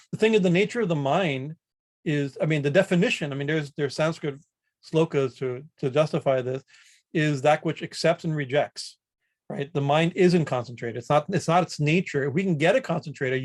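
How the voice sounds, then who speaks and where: A man's voice: fairly high pitch, normal speed. A man, a swami, giving an informal scripture lecture over a video call, often checking in with "right?" and restarting his sentences. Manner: conversational, tags points with "right?", frequent restarts. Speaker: swami teaching a scripture class.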